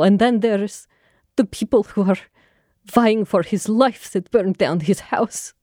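A woman's voice: medium pitch, warm tone, no room sound, studio quality, natural voice. A woman voicing a melodramatic noblewoman captain who speaks in an overwrought way and rolls her R's, during a tabletop game. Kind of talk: tabletop role-play character voice.

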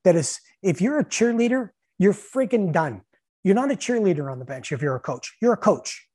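Husky, animated former hockey coach. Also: male voice, sits high, moderate pace, no echo. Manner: animated storyteller, laughs often, acts out shouted bench calls. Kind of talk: casual storytelling chat.

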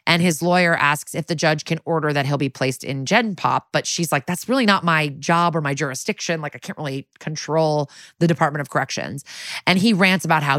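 A woman, co-hosting a podcast and retelling a TV episode scene by scene. She slips into quick character voices for the quoted lines. The sound is dry and close. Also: low-pitched, a bit bright, no echo. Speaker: podcast co-host. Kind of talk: casual episode recap.

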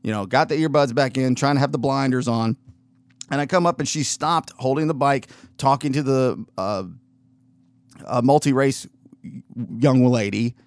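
A man hosting a podcast rambles through a casual story at a moderate pace, full of fillers, restarts, self-interruptions, and laughter. His voice is mid-range, and the recording is dry.

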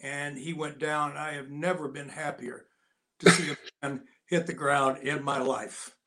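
A man in his sixties, an interview guest telling animated, folksy anecdotes in a casual way. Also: on the high side, a little slow. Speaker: interview guest, actor and Navy veteran.

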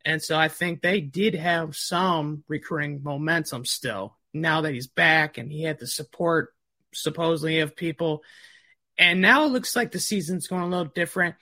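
A man's voice: a little high, normal speed, pushed and bright, no room sound. A man in his forties co-hosting a recruiting podcast, talking loosely and thinking aloud with fillers and restarts. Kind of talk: casual sports chat.

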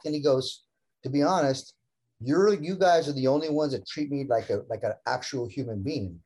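A man's voice: medium pitch, brisk, a little mellow, low-quality recording. A man hosting a casual chat, rambling through stories and mimicking the people in them.

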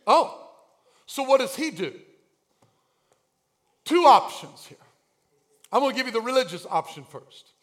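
A man preaching a sermon as pastor, acting out the scene and swinging from hushed asides to shouted cries. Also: very high-pitched, sing-song, a little slow, pauses often. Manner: dramatic, acts out voices, swings from hushed to shouting.

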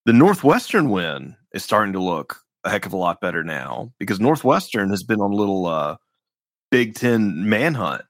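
Low-voiced man on a sports podcast. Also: sing-song, normal speed, dry recording, clean studio sound. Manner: rambling, restarts phrases, wry about stats. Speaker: podcast host. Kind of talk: casual sports podcast chat.

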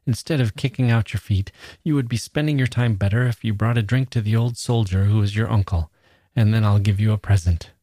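A gruff, fevered old soldier grumbles and scolds, as a man reads him aloud. The voice sits low and husky, with a dark, mellow tone. It is recorded close and dry. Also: fairly quick, dry recording, natural voice. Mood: irritable. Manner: grumbling, irritable.

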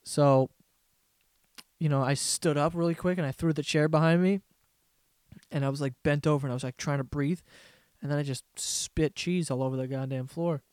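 Young male podcast host, loose profane storyteller, slightly high voice, dry mic. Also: steady tone, normal speed, long pauses, a little mellow, clean tone, no echo. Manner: profane, rambling storyteller with frequent laughs. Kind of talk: casual solo comedy podcast rant.

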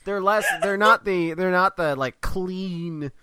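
A man co-hosting a comedy podcast, playful, shifting between mock-grand bits and quick asides. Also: high voice, crowd noise. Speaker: podcast co-host. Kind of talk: casual comedic chat.

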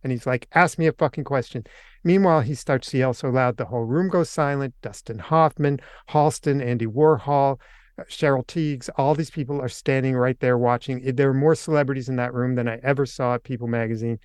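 An older man tells his story as a podcast guest, jumping into the voices of the people he quotes. His voice is smooth and resonant at a middle pitch. The sound is dry and close. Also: fairly quick, dry recording. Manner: animated anecdote teller, acts out quotes. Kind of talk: casual storytelling.

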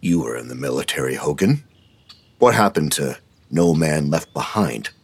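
A tense, flustered scout leader, exasperated and pleading as he tries to rein everyone in, as a man reads him. His voice is low and husky, recorded dry and close. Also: animated, moderate pace, no room sound, exaggerated voice. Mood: anxious exasperated. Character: flustered, anxious adult male scout leader.

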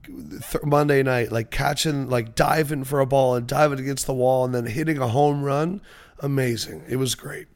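A young man chatting about sports on a podcast, full of animated stories and casual swearing. His voice sits at an everyday middle pitch. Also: normal speed. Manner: animated storyteller, swears freely.

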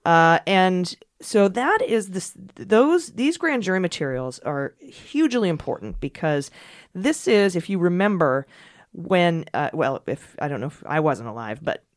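A woman hosting a podcast, thanking her co-host and then explaining the week's news in an energetic, digressive way. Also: lowish voice, measured pace, few pauses, dry recording, studio quality. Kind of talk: casual podcast chat and news rundown.

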